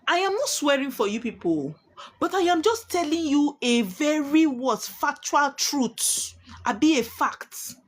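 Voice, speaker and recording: A woman's voice: high-pitched, sing-song, measured pace. A woman, a spiritualist delivering emphatic, preachy warnings straight to her viewers and repeating key lines for weight. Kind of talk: prophetic monologue to viewers.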